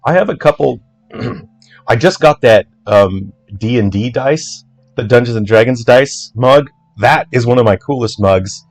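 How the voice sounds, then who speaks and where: A man, an indie game developer, talking through his code in a casual walkthrough, chatty and joking with quick asides. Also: medium pitch, animated. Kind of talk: casual livestream coding walkthrough.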